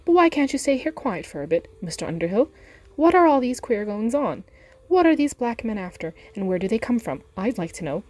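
Woman doing a fussy innkeeper guy, high excitable voice, mellow tone, audiobook-style reading. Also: brisk. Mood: alarmed. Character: flustered chatty middle-aged male innkeeper.

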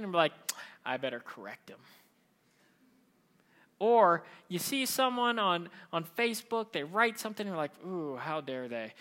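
A man preaching a sermon in a conversational, lively way, often slipping into mimicked voices. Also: high-pitched.

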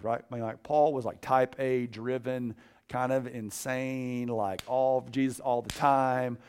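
A man preaches to students in a loose, conversational way. He is animated, then drops to a quiet, intense hush to drive a point home. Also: mid-range voice, moderate pace, clear, resonant tone. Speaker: campus preacher. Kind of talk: casual sermon.

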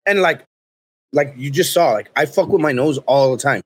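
Husky man telling a profane story. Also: fairly high pitch, moderate pace. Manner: profane, rambling, animated. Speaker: podcast guest. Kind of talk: casual comedic storytelling.

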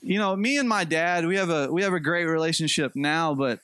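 Animated high-pitched male preacher, dry sound. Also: fairly quick, clear, resonant tone, dry recording. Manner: animated, acts out quotes with a jumpy pitch. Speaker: pastor. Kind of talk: sermon.

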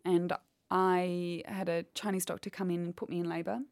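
A woman's voice: lowish voice, level tone, moderate pace, creaky, darkish tone, no echo. A woman, telling a painful personal story candidly in an interview. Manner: candid, quotes others as she retells. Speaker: guest.

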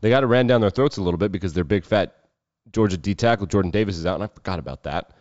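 A man's voice: sits low, rapid-fire, a little mellow, no echo, lo-fi sound. A man hosting a casual sports show, running through football picks in a loose, irreverent way with some swearing. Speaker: sports betting show host.

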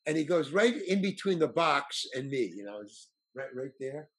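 A man's voice: fairly high pitch, moderate pace, slightly rough. A man telling a long anecdote in casual chat, acting out the voices of people he quotes. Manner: animated, acts out quoted voices. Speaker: storyteller guest.

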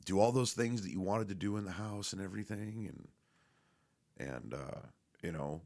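Very deep-voiced man rambling casually. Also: normal speed, a little mellow. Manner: rambling, profane, many fillers and restarts; laughs often while talking.

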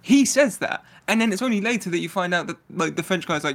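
Dude recapping a movie, laughing a lot, pretty high voice, animated. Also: male voice, fast talker. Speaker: podcast co-host. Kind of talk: casual movie review chat.

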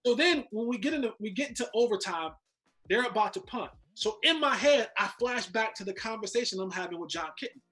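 A man telling football stories in casual chat, animated and often repeating words. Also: high voice, a little fast. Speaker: podcast host, former football player. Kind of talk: casual storytelling.

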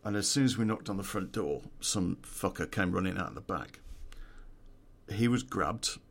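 A man's voice: low voice, lively intonation, normal speed, creaky. A man, telling a true-crime story in a casual, profane way and laughing at his own story.

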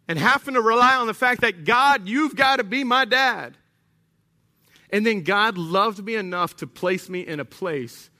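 A man in his thirties preaching a sermon in church, animated, rising at times to shouts. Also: sits high. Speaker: pastor. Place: church sanctuary.

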